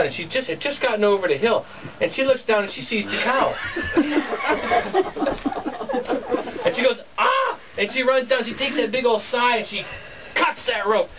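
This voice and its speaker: A man telling a folktale live at a bookstore, animated and chuckling, with sound effects. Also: high-pitched. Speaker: storyteller. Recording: distant camera, noisy bookstore.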